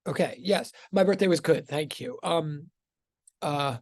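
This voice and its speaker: Rambling male physics teacher on a video call, gravelly, dry close sound. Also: on the high side, measured pace, darkish tone, no room sound. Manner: rambling, self-interrupting, chatty. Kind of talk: casual online class intro.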